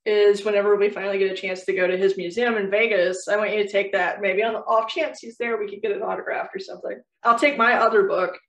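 A woman's voice: medium pitch, fairly even intonation, quick pace, hardly any pauses. Woman joking around, laughs a lot, pokes fun at herself, sounds far off in an echoey room. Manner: playful, laughs often, self-deprecating. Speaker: podcast co-host. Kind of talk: casual chat.

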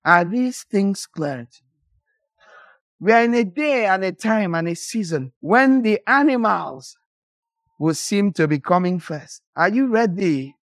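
A preacher delivers a sermon with passion and rebuke, and the voice swings widely up and down in pitch. The delivery scolds the listeners and breaks into sudden shouts. The sound is dry and close, with no room echo. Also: lively intonation, measured pace.

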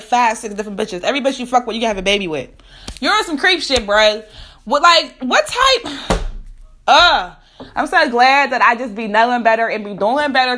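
A woman's voice: fairly high pitch, a bit bright. A woman, ranting bluntly to camera, profane and emphatic with repeated rhetorical questions.

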